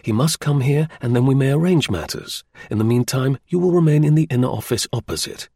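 Storybook role: stern commanding detective, gravelly and husky, read by a man. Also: mid-range voice, lively intonation, mellow, no echo, studio quality. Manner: stern, measured. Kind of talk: audiobook reading.

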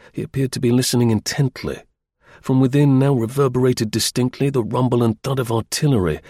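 A man reads a first-person adventure as an audiobook, measured and even. His voice is husky and mid-pitched. The recording is dry and close. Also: no room sound. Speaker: audiobook narrator.

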